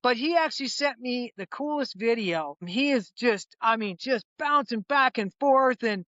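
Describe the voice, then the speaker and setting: A man in his sixties, a chiropractor guest, telling a patient story in lively conversational style. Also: extremely high pitch, moderate pace, dry recording, muffled recording. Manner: animated storyteller, acts out quoted voices, frequent restarts.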